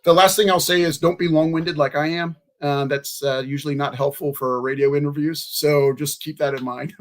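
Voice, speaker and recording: A former candidate for Congress speaks on a convention panel in a meeting room, talking in a rambling, folksy way with many restarts. His voice is fairly high-pitched, steady in tone, and at normal speed.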